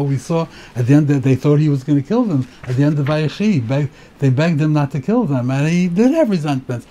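A male rabbi delivers a casual spoken Torah lesson, his voice sitting a little high yet soft and warm in tone. He explains as he goes, doubling back on words and rising in energy when he makes his point. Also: a little hiss or hum. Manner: conversational, thinks aloud, repeats words and gets excited when making a point. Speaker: rabbi giving a weekly Torah class. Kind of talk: informal spoken Torah lecture.

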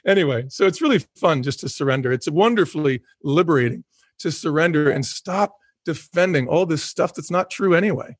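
A man's voice: fairly high pitch, animated, moderate pace, breathy edge, no room sound, clean studio sound. A middle-aged man talking earnestly in a reflective conversation, repeating phrases for emphasis and laughing easily. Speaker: guest, former company executive.

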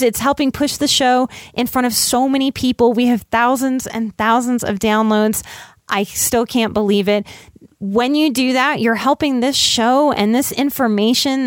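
A woman hosts her podcast and wraps up with effusive, emotional thanks. Her voice sits high. The recording is close and dry, with no room sound. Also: no echo. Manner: warm, effusive, emotional gratitude. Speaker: podcast host. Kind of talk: podcast outro, casual and heartfelt.

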